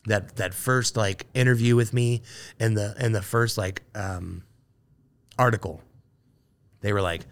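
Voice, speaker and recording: A man's voice: lowish voice, steady tone, measured pace, long pauses. A man on a casual chat show, telling a long story full of asides and acted-out quotes. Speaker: guest, brewer.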